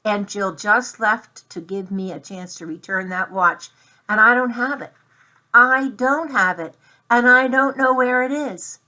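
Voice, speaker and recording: A woman's voice: medium pitch, steady tone, unhurried, hardly any pauses, pushed and bright, poor audio. A woman voicing a stubborn young boy who speaks bluntly and wonders aloud, in a children's storybook reading. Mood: anxious.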